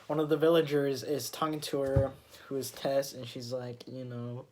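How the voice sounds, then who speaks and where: A man's voice: mid-range voice, level tone, normal speed, darkish tone, slight background noise. A man casually recapping a comic issue, rambling with many fillers and restarts as he retells scenes. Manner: retells scenes with quoted lines. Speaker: comic book reviewer.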